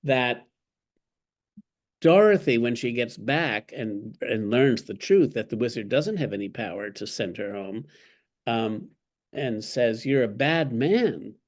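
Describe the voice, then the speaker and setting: A man's voice: medium pitch, lively intonation, slow. A man, an author being interviewed, who tells stories in a wry, articulate way and acts out the quotes he cites. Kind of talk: conversational interview.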